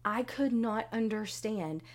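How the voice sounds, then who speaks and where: Middle-aged woman telling her own story, lively, voice jumps way up when she acts out what she said. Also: slow pace. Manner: animated, acts out her own past lines with big pitch jumps. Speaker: vlogger sharing a personal story. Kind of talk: personal storytelling.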